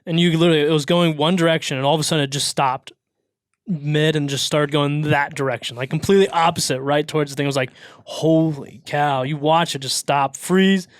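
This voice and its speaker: A man with a somewhat high, smooth and resonant voice, chatting casually on a podcast. He repeats words before getting his point out. The sound is dry and close. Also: steady tone, quick pace, no room sound. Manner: stammering restarts.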